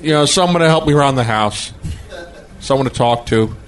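A man's voice: medium pitch, fairly quick, lightly acted. A man doing a giggling comedy impression of an older filmmaker, rambling and breaking character on a noisy podcast. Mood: wistful rambling.

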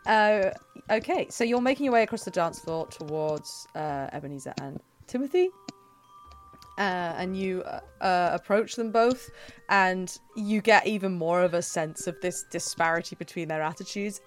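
A woman's voice: lowish voice, normal speed. A woman narrating a tabletop role-playing game as game master, chatty, with fillers and self-corrections.

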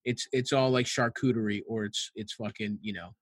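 A man's voice: on the low side, fairly even intonation, moderate pace, slightly rough, no echo. A man from Baltimore telling crude, rambling stories on a podcast and laughing often. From Baltimore, USA. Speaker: podcast guest. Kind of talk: casual podcast chat.

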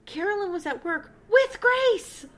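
A woman's voice: very high-pitched, lively intonation, unhurried, a bit bright. A woman co-hosting a casual chat show, recapping episodes, laughing often and acting out quotes. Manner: swears casually. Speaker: podcast co-host.

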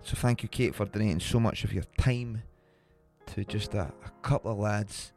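A man's voice: fairly low pitch, normal speed, a little mellow, soft background music. A man from the UK hosting a podcast, joking and thanking listeners in a casual, swearing way. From United Kingdom. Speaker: podcast host.

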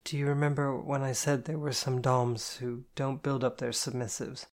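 A man reading the part of a remorseful woman who speaks earnestly, apologizing in halting phrases. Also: medium pitch, level tone, close to an everyday voice. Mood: earnest apology. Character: remorseful woman, a caring dominant partner. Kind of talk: audiobook character voice.

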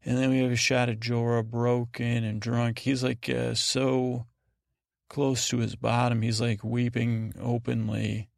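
A man hosting a podcast, rambling through a slow, meandering recap full of fillers and casual paraphrased dialogue. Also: medium pitch, little pitch movement, creaky, no echo, clean studio sound. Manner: paraphrases scenes in casual voices. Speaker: podcast host.

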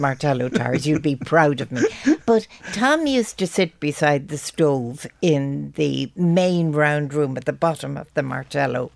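Wry older Irish woman, gravelly voice. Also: low-pitched, dry recording. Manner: brisk anecdotal storyteller, wry. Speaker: author guest. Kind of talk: radio interview chat.

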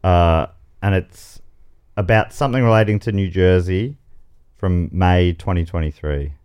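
A man's voice: low voice, a little slow, clear, resonant tone. An Australian man hosting a comedy game show podcast, reading out quiz questions with playful asides. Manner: playful, reads questions aloud with animated asides. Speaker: host.

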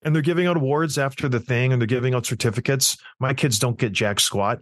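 A man's voice: medium pitch, fast talker, few pauses, no room sound. A middle-aged man co-hosts a sports podcast, telling a long anecdote in a blunt, self-mocking way. His voice sits in an average register and is recorded close and dry, with almost no room around it. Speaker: podcast co-host. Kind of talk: casual sports podcast chat.

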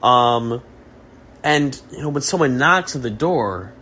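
A man's voice: medium pitch, animated, slow, bright, forceful tone. A man hosts a casual podcast in a dry, mock-serious tone, stopping and restarting his sentences. His voice sits in a middle range. A faint hiss runs under the recording. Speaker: podcast host. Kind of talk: casual comedic chat.

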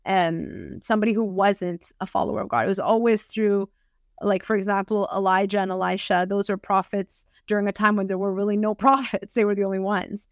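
A woman co-hosting a podcast in casual chat, animated, with quick laughs and lots of fillers. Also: mid-range voice, no room sound, clean studio sound. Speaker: podcast co-host.

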